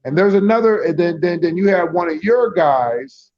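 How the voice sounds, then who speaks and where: A man's voice: high voice, lively intonation, moderate pace, a little mellow. Stammering man arguing his point. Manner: repetitive, calls others bro, stammers into points. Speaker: debater defending his view. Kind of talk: heated casual debate. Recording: dull lo-fi stream audio.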